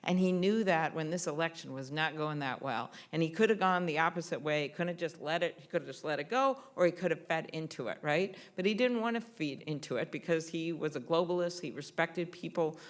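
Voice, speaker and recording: A woman's voice: deep voice, fairly quick, few pauses. A middle-aged woman senator giving a tribute speech at an award event, telling stories with frequent ums. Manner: warm anecdotal storytelling, frequent ums. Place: event hall on Capitol Hill.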